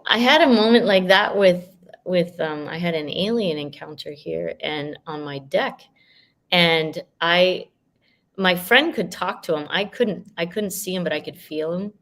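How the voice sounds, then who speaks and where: A woman's voice: on the low side, a little slow, fairly bright tone. A woman life coach and author as an interview guest, telling a story animatedly and acting out the dialogue. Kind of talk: casual interview chat.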